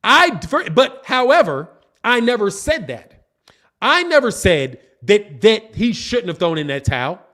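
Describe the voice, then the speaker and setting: High-voiced man, combative livestream host. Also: very animated, unhurried, bright, forceful tone. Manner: combative, repetitive, insults critics. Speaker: boxing channel host. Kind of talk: casual livestream talk answering chat.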